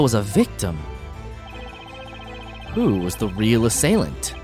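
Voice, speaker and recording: Lively woman streamer voicing game lines. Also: extremely low pitch, takes it slowly, pauses often, over music. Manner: reads lines dramatically, breaks into loud excited shrieks and laughter. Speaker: streamer reading game dialogue. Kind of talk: live-stream game playthrough with voiced lines.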